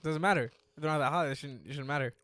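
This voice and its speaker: A man's voice: a little high, very fast, fairly bright tone, no room sound. A young man co-hosting a casual podcast, teasing his friend, swearing freely and leaning on filler words. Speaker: podcast co-host. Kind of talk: casual chat.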